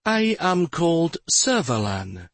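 A man voicing a soft-spoken, predatory female creature who speaks in a silky purr. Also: lowish voice, very animated, no room sound, pitched above the performer's own voice, exaggerated voice. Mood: cold. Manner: slow, cold, mocking menace. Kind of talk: audiobook narration.

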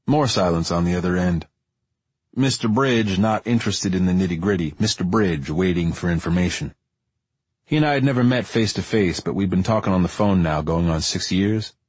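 Deep husky man narrating an audiobook. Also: a little mellow, dry recording. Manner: measured, deliberate, dry storytelling. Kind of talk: first-person audiobook narration.

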